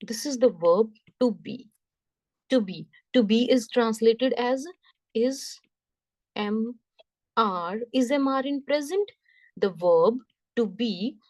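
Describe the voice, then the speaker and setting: A woman teaching French, explaining slowly step by step, often repeating herself and checking in with "right?". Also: medium pitch, mellow, no room sound. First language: Punjabi. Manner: slow, repetitive, checks understanding with "right?". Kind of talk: classroom lesson explanation.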